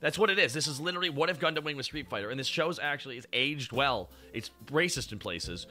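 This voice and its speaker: Excitable man with a very bright voice. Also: medium pitch, fast, soft background music. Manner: excitable, rambling, swears freely. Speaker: show host. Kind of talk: casual chat reviewing robot designs.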